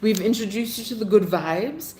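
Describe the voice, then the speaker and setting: A woman's voice: mid-range voice, normal speed, dark tone, slight background noise. A woman hosting a casual livestream, chatting affectionately with her viewers as she reads their comments. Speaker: livestream host. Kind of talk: casual live chat reading comments.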